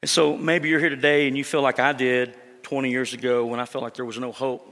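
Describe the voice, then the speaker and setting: A male pastor delivers a sermon in an earnest, conversational way, often pausing on fillers and restarting his sentences. His voice sits at an ordinary middle pitch. The sound carries a long reverb from a church hall. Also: little pitch movement, fairly bright tone.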